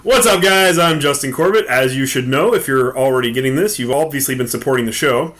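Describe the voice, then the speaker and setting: A man hosting a podcast in casual chat, upbeat and quick to laugh. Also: mid-range voice, a bit bright. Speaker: podcast host.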